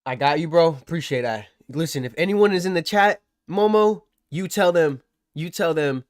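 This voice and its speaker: A man's voice: a little high, animated, normal speed, no room sound, studio quality. A man hosting a live trading stream, commentating charts and bantering with his chat in a teasing, boastful, slangy way. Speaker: livestream trading host.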